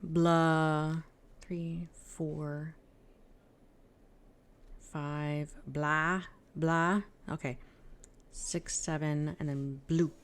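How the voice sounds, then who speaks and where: A woman game streamer gives casual let's-play commentary on a mystery game, chatty and self-mocking and often dissolving into giggles. Her voice sits low with a darkish tone.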